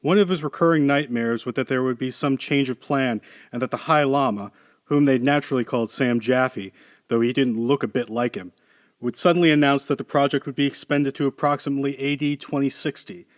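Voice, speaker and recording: A man reading a short story aloud in a measured, steady narration. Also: mid-range voice, no room sound, studio quality. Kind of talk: scripted narration.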